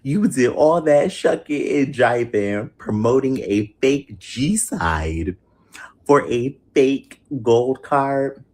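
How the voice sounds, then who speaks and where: A woman's voice: very deep voice, lively intonation, takes it slowly, a little mellow. A woman in a played clip, giving mocking gossip commentary and laughing through her lines.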